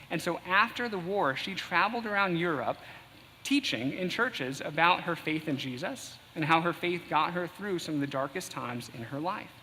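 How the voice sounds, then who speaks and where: A man preaching a sermon in earnest tones, reading a passage aloud slowly at times. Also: sits high, bright, forceful tone, slight background noise. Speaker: pastor. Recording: echoey hall with faint ambience.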